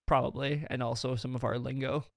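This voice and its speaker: A man's voice: mid-range voice, fairly even intonation, brisk, vocal fry, no room sound, studio quality. A Canadian man with a mix of Eastern and Western Canadian accents, hosting a podcast in casual, rambling chat and often restarting his sentences. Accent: mixed Eastern and Western Canadian. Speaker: podcast host.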